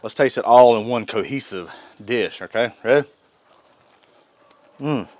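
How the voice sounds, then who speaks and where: This cooking channel host is a man with a mid-range, slightly mellow voice and a measured pace, recorded with no echo. His casual vlog is folksy and enthusiastic, full of Southern phrasing, with a griddle sizzling behind him.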